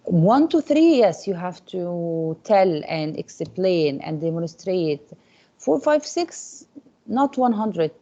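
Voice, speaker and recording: In a dull, lo-fi classroom recording, a woman teaches an English class and often asks her students "Okay?" to check in. Her voice is fairly low, creaky, and mellow.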